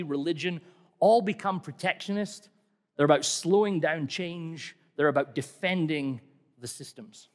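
A middle-aged man preaching a sermon in a conversational, wry way, asking many rhetorical questions. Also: a little high. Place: church hall. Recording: long hall reverb.

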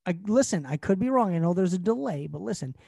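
A high-pitched man guessing song lyrics in a loose, excitable way, cursing and shouting when he gets one. His voice sits close and dry, with no room sound around it. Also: fast, gravelly, husky, no room sound. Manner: excitable, swearing, bursts into shouts. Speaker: contestant. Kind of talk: casual game chat.

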